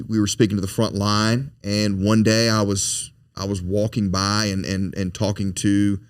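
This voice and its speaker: Low-voiced male interview guest: earnest storyteller, repeats words, dry close sound. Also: dry recording. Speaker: foundation president, podcast guest.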